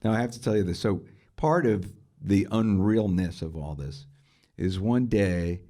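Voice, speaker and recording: Man, middle-aged, dark mellow tone, interview guest, enthusiastic anecdotes, rhetorical questions. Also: lowish voice, expressive, measured pace. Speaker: interview guest, guitarist and music writer. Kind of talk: storytelling in a conversational interview.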